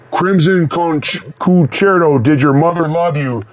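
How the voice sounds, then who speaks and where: A man from Texas with a light regional accent, his voice run through a cheap voice changer and sitting a little high. He rambles through viewer questions in a blunt, foul-mouthed, offhand way. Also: unhurried, hardly any pauses. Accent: mild Texas. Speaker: band frontman answering viewer questions. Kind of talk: casual question-and-answer chat.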